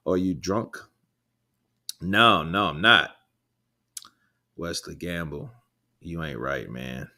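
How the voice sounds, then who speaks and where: A man's voice: low-pitched, drawn-out words, long pauses, sharp tone. A man hosting a boxing livestream, chatting loosely with viewers, rambling, swearing and laughing between thoughts. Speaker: livestream host reading chat. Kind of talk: casual live chat commentary.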